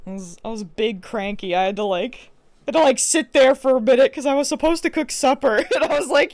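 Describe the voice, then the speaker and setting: Chatty young woman streamer, fairly high voice. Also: a little fast, no echo. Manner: rambling, chatty storytelling with many restarts and fillers. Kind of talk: casual livestream chat while playing a game.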